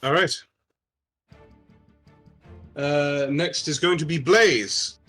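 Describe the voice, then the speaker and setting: A man running a tabletop game as game master, giving measured, formal rulings. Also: on the high side, a bit bright, faint music behind.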